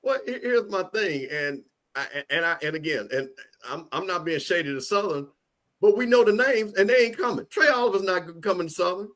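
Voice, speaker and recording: A man's voice: high-pitched, lively intonation, fairly quick, a bit bright. A man co-hosting a casual college football talk stream, giving blunt, opinionated takes and repeating points for emphasis. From Louisiana. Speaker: co-host.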